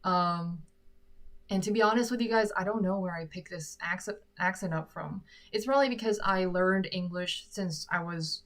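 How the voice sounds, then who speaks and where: Woman with an american accent chatting on a livestream from her room, kinda low voice, rambly and joking about herself. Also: normal speed. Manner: chatty and self-deprecating. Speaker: singer and livestream host. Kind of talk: casual livestream Q&A. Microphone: sock-covered microphone.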